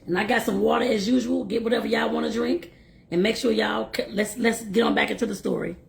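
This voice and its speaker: Creaky-voiced woman reading aloud. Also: fairly high pitch, fast talker. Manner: lively, laughs and talks to listeners directly. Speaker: host and reader. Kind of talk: bedtime book reading with chatty asides.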